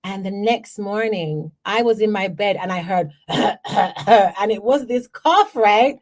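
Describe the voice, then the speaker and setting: Woman from jamaica telling stories on her podcast, animated, keeps checking you follow. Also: mid-range voice, slow pace. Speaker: podcast host. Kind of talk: personal storytelling.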